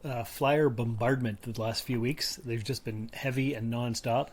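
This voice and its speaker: A man's voice: mid-range voice, steady tone, unhurried. Tired, rambling man chatting on a podcast. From Canada. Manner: rambling, self-deprecating, a little slurred from tiredness. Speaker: podcast co-host. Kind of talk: casual chat.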